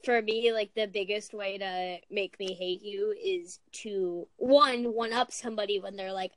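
A young woman in casual chat among friends, rambling in an animated way with many fillers. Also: mid-range voice, moderate pace, few pauses, no room sound, rough recording.

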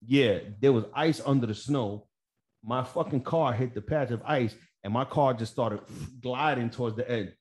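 A man's voice: mid-range voice, normal speed. A man telling a work story on a podcast, swearing freely and acting out the dialogue. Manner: profane, animated, acts out dialogue. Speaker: podcast co-host. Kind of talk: casual storytelling chat.

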